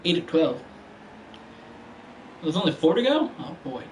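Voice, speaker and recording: A man's voice: fairly high pitch, very animated, a little slow, darkish tone, a little hiss or hum, low-quality recording. A man streaming a racing game, talking casually with heavy slang and profane trash talk. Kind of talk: casual gaming commentary.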